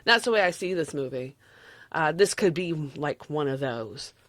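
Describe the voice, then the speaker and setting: A woman's voice: low-pitched, lively intonation, moderate pace, fairly bright tone, dry recording. Southern woman, 30s, casual movie reviewer, meandering and frank, dry close sound. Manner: rambling, candid, chuckles often.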